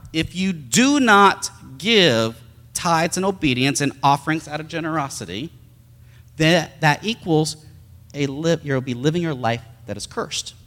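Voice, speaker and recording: Man, pastor, animated sermon, loud then hushed, reverberant church hall. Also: on the high side. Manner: animated, swings between loud emphasis and soft intimacy.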